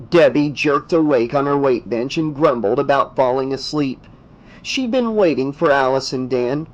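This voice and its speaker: Slow, expressive male audiobook narrator. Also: fairly high pitch, highs cut off. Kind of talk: audiobook reading.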